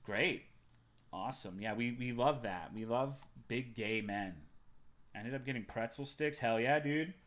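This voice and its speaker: A man's voice: mid-range voice, unhurried, fairly bright tone. A young man from Texas, a livestreamer chatting casually with his viewers in a loose, profane and joking way.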